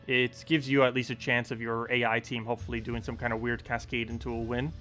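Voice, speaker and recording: A man's voice: mid-range voice, level tone, fairly quick, sharp tone, soft background music. A young man with a New Jersey accent giving casual, rambling commentary while he streams a game, full of ums and uhs. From United States. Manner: rambling, many ums and uhs, chuckles at himself. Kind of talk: casual live gameplay commentary.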